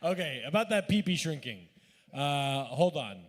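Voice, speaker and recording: Teasing male emcee, lively pitch. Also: moderate pace. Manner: teasing, stammering. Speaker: emcee of a live reading night. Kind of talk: joking stage banter. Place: bar stage. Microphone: stage mic. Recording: reverberant live venue.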